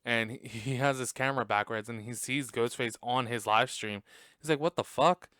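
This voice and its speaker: A man's voice: medium pitch, fairly even intonation, normal speed, pushed and bright, no room sound. A man hosting a podcast, recapping a movie in casual chat, swearing and laughing often, in a room at home on a close desk mic. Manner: chatty, profane, laughs often. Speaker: podcast host.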